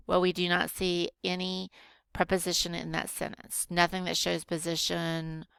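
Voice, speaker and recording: A woman's voice: fairly low pitch, completely flat delivery, normal speed, gravelly, fairly bright tone, smooth, no room sound. A woman teacher patiently walking students through a grammar worksheet, step by step with frequent ums. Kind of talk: recorded grammar lesson.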